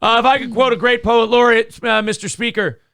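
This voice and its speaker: A man's voice: very high voice, steady tone, brisk, creaky, a bit bright, smooth, no echo, clean studio sound. A man hosting a morning show, joking crudely and reciting song lyrics as mock-solemn congressional speeches.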